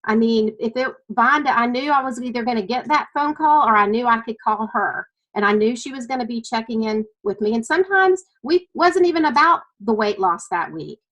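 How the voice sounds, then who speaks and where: A woman's voice: a little high, expressive, a little fast, hardly any pauses, fairly bright tone, low-quality recording. A middle-aged woman with a Southern US accent, giving an earnest, emotional personal testimony about her weight-loss journey. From American South. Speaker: weight-loss client sharing her story.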